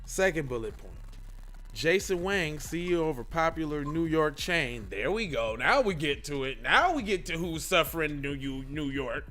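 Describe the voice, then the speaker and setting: Sarcastic podcast host with a high voice. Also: male voice, expressive, normal speed, bright, forceful tone, faint music behind. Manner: sarcastic, reads news aloud with mocking asides. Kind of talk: casual comedic commentary.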